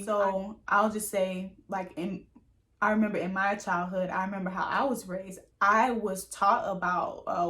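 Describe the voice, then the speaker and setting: A woman's voice: mid-range voice, fairly bright tone. A woman in her thirties speaking thoughtfully in a casual chat for a couple's vlog. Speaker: vlogger, wife, social worker.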